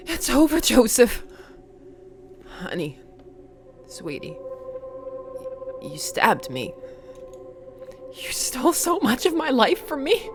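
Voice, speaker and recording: A woman voicing a fierce, vengeful wife in a video game, sharp and defiant. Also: sits low, slow, pauses often, over music.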